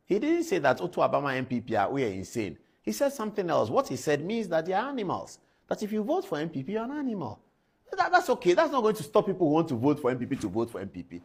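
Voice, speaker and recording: A man's voice: sits high, a little mellow, husky. A man with a Ghanaian English accent giving impassioned studio commentary on the news, repeating names and phrases for emphasis.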